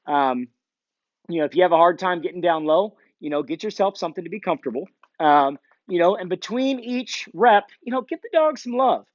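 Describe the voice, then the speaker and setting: A man teaching dog training in a casual, relaxed way with fillers, praising the dog as he goes, recorded outdoors on a camera mic. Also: high-pitched, a little fast, no echo, muffled recording. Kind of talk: casual instructional demonstration. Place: outdoors, near a field.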